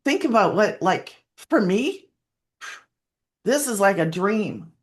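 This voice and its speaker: A woman speaking with earnest feeling, her voice sitting at a mid pitch. She tells her story with restarts and fillers and sometimes comes close to tears. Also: very animated, takes it slowly. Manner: earnest, tearful at times, lots of fillers and restarts. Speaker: guest sharing her story. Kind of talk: emotional personal testimony.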